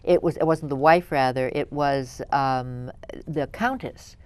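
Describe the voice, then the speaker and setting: Low-voiced woman theatre critic. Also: darkish tone, clear, resonant tone, no echo. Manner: halting, searching for words. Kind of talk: casual review chat.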